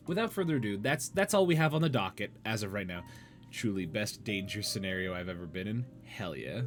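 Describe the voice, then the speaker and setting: A young man casually hosting a livestream show, rambling and chatting with viewers while reading their messages aloud. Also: on the low side. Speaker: podcast host.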